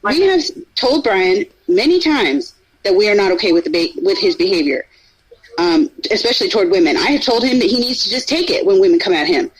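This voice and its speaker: A woman's voice: medium pitch, big pitch swings, brisk, poor audio. A woman hosting a live stream panel, talking emphatically and profanely and repeating her points. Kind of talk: heated casual stream talk.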